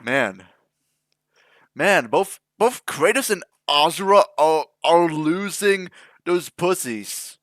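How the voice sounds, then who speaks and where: A man with a slightly high, fairly bright voice speaks slowly and expressively while hosting a reaction video, recorded with no room sound. He chats casually, jokes, rambles through asides, and trails off into mock-emotional mumbling.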